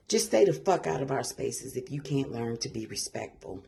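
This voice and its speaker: A woman's voice: very deep voice, gravelly, darkish tone. A woman ranting angrily to camera, emotional and swearing hard. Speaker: commentator. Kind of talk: angry vlog rant.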